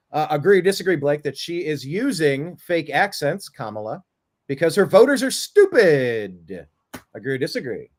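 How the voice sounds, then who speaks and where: A man hosting a talk show, putting wry questions to his co-host. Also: a little high. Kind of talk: casual political talk show chat.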